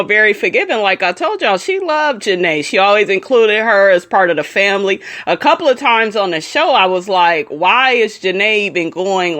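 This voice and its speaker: Sassy woman with a lively voice. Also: medium pitch. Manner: sassy, laughing, keeps saying honey. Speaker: commentary channel host. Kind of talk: casual reaction commentary.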